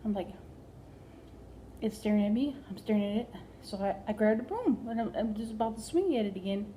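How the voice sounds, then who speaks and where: Woman comic storyteller, mellow and fairly high, animated, whispery asides. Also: moderate pace, a little hiss or hum, rough recording. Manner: animated, drops to whispers for effect. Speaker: stand-up comedian.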